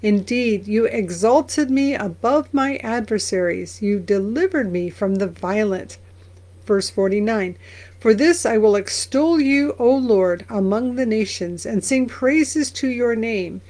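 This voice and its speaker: A woman pastor who reads verses aloud slowly and then explains them in a conversational way. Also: a little high, darkish tone. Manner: briefly sings lines of an old song. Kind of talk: Bible reading and commentary.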